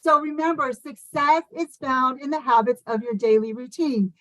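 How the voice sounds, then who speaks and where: A woman giving a fast, passionate motivational talk over a video call, full of "like" and "you guys.". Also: sits high, fairly even intonation, no echo, poor audio. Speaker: motivational speaker at an online conference. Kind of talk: motivational speech.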